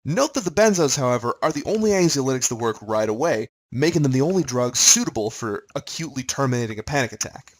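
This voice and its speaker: A man's voice: mid-range voice, animated, fast, hardly any pauses, poor audio. A man giving a recorded pharmacology lecture in a conversational way, quizzing his listeners as he goes.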